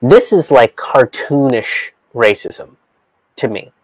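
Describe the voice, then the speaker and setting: A man's voice: mid-range voice, animated, slow pace, no echo, rough recording. A man giving a profane, incredulous rant while reading from an article. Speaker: comedian vlogger.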